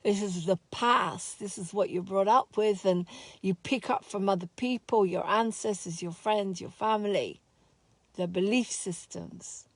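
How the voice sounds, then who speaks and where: A woman speaks slowly and softly, heartfelt and openly sad as she teaches her spiritual course. Her voice has a gravelly, fry-laden texture. The recording is dry and close, with no room sound. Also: mid-range voice, no echo. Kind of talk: reflective spoken talk.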